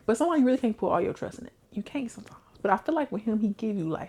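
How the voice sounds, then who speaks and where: A young adult woman chatting casually as she reviews books, telling the plots in an animated, slangy way. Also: a little high, quick pace, hardly any pauses. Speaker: book reviewer. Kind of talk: casual chat.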